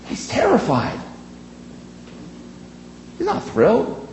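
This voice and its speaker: A man preaching a sermon in an earnest, emphatic way, leaning on key words with dramatic pauses. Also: a little high, huge pitch swings, a little mellow, reverberant, a little hiss or hum, rough recording.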